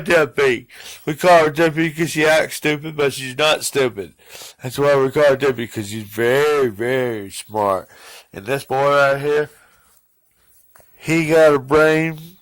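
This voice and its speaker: Brief: man vlogger at home, gravelly fry, bright sharp tone, playful and doting toward his dogs. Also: on the high side. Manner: playful and affectionate, calls himself daddy. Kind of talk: casual vlog talking to his dogs.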